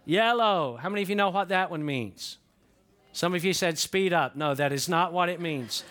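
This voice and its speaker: An older man, a pastor preaching a folksy, animated sermon and asking the congregation questions. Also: high voice, moderate pace.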